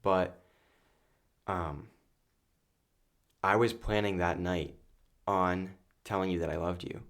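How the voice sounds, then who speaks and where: A man's voice: deep voice, steady tone, slow pace. A young man talking as a podcast guest in casual chat, earnest and rambling with many fillers.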